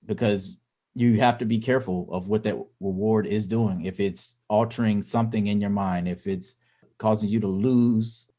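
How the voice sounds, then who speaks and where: Low-voiced rambling male podcast host. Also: steady tone, normal speed, warm tone. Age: adult parent. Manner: rambling, many restarts and filler phrases. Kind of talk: casual podcast chat.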